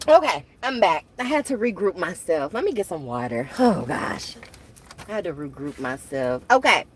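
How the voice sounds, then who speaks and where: A woman's voice: lowish voice, very animated, normal speed, husky. A woman hosting her own channel, chatting casually and animatedly to viewers, laughing often. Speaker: channel host.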